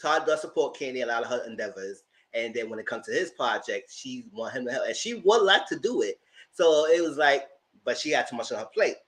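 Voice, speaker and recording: A man giving a casual live recap of a reality episode. His voice rises and falls a lot as he retells scenes. He laughs easily and talks loosely. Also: brisk. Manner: animated, laughs a lot, acts out quotes in a high voice. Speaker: show reviewer.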